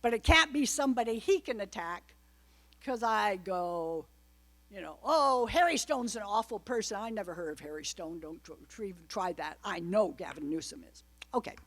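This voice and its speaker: A woman's voice: lowish voice, lively intonation, normal speed. A woman giving an informal political talk to a live audience, chatty and wry, full of asides. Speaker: guest speaker at a political club.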